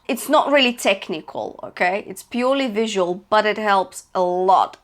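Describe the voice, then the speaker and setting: A woman teaching a singing lesson as a vocal coach, checking in often and demonstrating notes. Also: medium pitch. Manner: encouraging, checks in with "okay?" and "yeah?"; demonstrates sung notes between spoken instructions.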